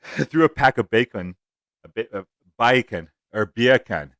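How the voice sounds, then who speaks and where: A man's voice: medium pitch, lively intonation, a little slow, fairly bright tone, no room sound, clean studio sound. A young man hosting a casual sports podcast, telling stories in a loose, profane, rambling way. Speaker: podcast host.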